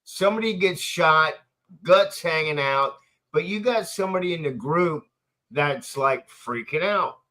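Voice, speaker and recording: A man's voice: a little high, lively intonation, unhurried, bright, forceful tone. A man in a casual chat laying out an emphatic hypothetical scenario.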